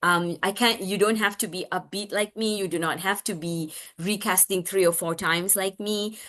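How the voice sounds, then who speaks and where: A woman's voice: medium pitch, moderate pace. Chatty woman speech therapist, many restarts. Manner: acts out lively sing-song examples. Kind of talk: parenting webinar talk.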